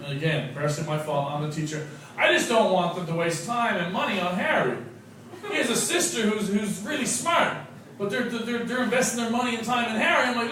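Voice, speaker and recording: A man doing a stand-up set, swinging from loud, profane outbursts to muttered asides. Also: high voice, animated, fairly quick. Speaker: stand-up comedian, English teacher. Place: comedy club stage before a laughing audience. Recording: echoey club, mic from far off, crowd noise. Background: laughing audience.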